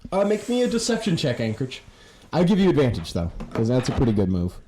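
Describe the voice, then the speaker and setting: A man's voice: mid-range voice, fast talker, a little hiss or hum. Man narrating as game master. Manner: casual, animated, laughing storyteller.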